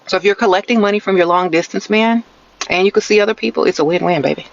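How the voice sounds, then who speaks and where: In a mid-range voice and at a quick clip, a woman delivers blunt dating advice on a live stream from her car. She's sassy and sarcastic, likes to end with a teasing "okay?", and repeats her catchphrase "sprinkle, sprinkle." Her phone is held close, the audio is dull, and there's a little hiss or hum.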